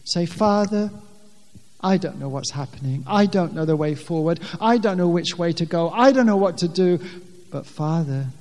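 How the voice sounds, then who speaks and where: A man with a high voice preaching a sermon in earnest, plain words. He often stumbles and restarts, then rises loudly on the scripture lines. He is recorded in a church hall with a long, ringing reverb. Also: expressive, normal speed. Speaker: pastor.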